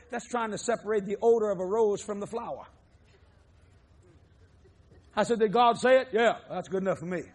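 A man preaching a televised sermon, swinging from low murmurs to loud shouting. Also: slightly rough.

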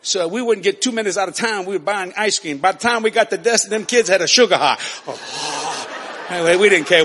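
A man preaching a story-filled sermon, animated and laughing as he acts out voices. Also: high voice, slight background noise.

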